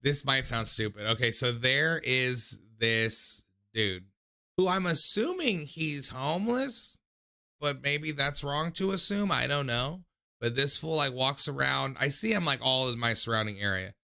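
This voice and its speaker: Young guy hosting a call-in stream, rambly and self-mocking, gravelly edge, bright tone. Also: medium pitch, lively intonation, unhurried. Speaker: call-in show host. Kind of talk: casual livestream call-in chat.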